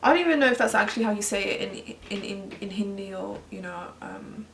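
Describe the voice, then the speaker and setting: A woman's voice: medium pitch, fairly quick, vocal fry, a bit bright. A young woman vlogging her makeup in a chatty, casual way while commenting on a tutorial. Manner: chatty, comments on a video as she goes. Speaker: beauty vlogger. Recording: echoey room, distant mic, faint noise.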